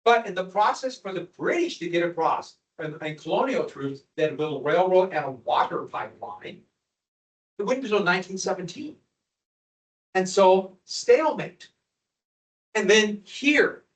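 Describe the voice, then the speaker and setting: A man's voice: high voice, sing-song, normal speed, low-quality recording. A man teaching a history class over maps and slides, chatty, with asides and rhetorical questions to his students.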